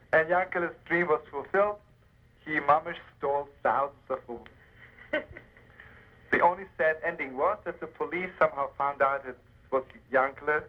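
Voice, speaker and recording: This Hasidic tale comes from a man storytelling on the radio, who greets listeners as friends and laces his telling with chuckles and emphasis. His pitch runs on the high side, and the recording is muffled.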